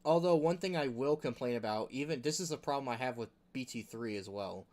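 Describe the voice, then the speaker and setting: A man's voice: medium pitch, expressive, fairly quick, darkish tone. A man hosting a gaming video, talking in a rambling, casual rant full of filler words. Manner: rambling, chuckling, heavy use of filler words.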